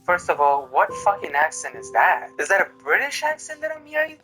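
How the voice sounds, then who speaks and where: A man's voice: high-pitched, big pitch swings, fairly quick, music in the background, low-quality recording. A man hosting a reaction video, giving sarcastic, mocking commentary on clips.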